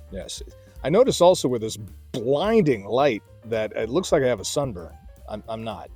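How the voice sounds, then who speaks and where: A man's voice: mid-range voice, darkish tone, breathy edge. A middle-aged man hosting a casual beer review outdoors at night, talking in a chatty, folksy way with rambling asides. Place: outdoor beer garden at night under a spotlight.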